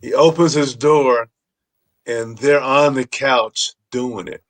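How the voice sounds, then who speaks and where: A male talk show host in relaxed conversation, trading comedy-world anecdotes with his guests. He laughs through his stories and slips into quoted voices. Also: mid-range voice, slow pace. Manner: loose, laughing storyteller who acts out quotes. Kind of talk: casual chat.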